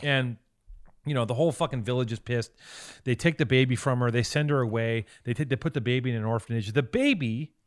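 A man co-hosting a podcast, giving a rambling, profane and excited recap of a movie in casual chat. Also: mid-range voice, a little fast. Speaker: podcast co-host.

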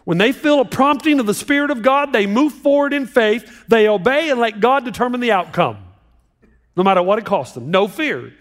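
A man preaching a sermon as pastor, animated and joking with a live audience in a large hall. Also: very high-pitched, moderate pace. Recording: long hall reverb.

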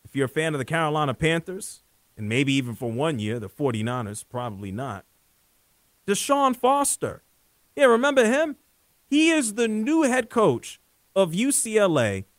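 Male sports talk host: high, joking, opinionated, dry close mic. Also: big pitch swings, normal speed, no room sound.

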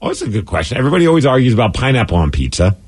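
A man's voice: mid-range voice, very animated, racing, breathy edge, no echo. A man co-hosting a radio show, telling wisecracking stories in casual banter. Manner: storytelling, wisecracking. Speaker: radio co-host.

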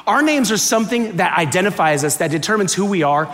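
High-voiced guy from miami preaching, super animated, jokes and acts out conversations for the crowd. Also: quick pace. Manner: animated, joking, acts out dialogue. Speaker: guest preacher. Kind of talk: sermon with comic storytelling. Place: church auditorium with live audience.

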